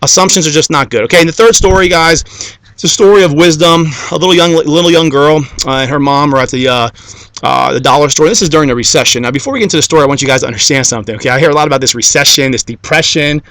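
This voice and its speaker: A man's voice: on the high side, very fast, a bit bright, no echo. A man giving a motivational talk to an audience, preachy and repetitive, forever checking in with "okay?" and "guys" as he stacks up parallel phrases. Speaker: motivational speaker.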